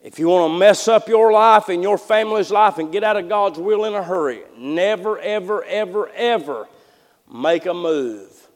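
A male pastor, preaching a sermon in a church. His delivery is folksy, with many repeated restarts, and it swings between hushed and loud passages. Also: sits high, moderate pace. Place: church sanctuary. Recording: long hall reverb.

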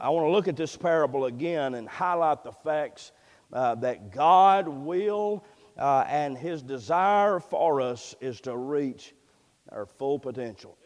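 A man preaching a sermon, building to loud fervent passages and often repeating words as he goes. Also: medium pitch, long reverb tail. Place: church.

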